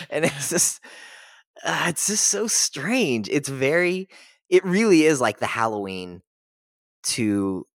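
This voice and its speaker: A man on a podcast chatting casually, retelling stories with animated asides and quoting characters in a put-on voice. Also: fairly high pitch, slow pace, pauses often, no echo, clean studio sound. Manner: animated storytelling, acts out characters' lines. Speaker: podcast host. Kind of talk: casual chat.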